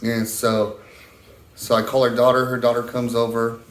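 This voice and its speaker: A middle-aged man telling a long, halting story in a casual interview, full of restarts. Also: mid-range voice, monotone, roomy sound. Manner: rambling, halting, many restarts. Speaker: interviewee, husband of a stroke patient.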